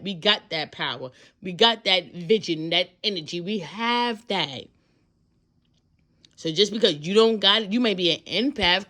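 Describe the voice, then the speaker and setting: A woman in her thirties giving a loud, profane, animated pep talk as a tarot reader, acting out voices as she goes. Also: fairly low pitch.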